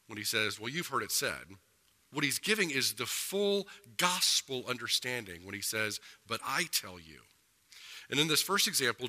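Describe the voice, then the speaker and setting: A man delivering a sermon from the pulpit with a very bright, sharp tone. His voice rings out in a church sanctuary with a long reverb, and he slows down to press home key points. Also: medium pitch. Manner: earnest preaching with slowed emphasis. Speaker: pastor.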